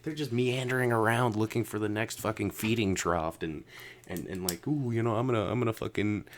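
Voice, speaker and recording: A man hosting a casual podcast, ranting with lots of swearing, jumping between loud outbursts and low mutters. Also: a little fast. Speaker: podcast host.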